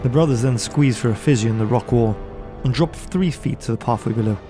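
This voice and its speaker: A man co-hosting a podcast narrates a gamebook play-through over music, storytelling with light laughs between sections. His pitch is medium and his pace a little fast.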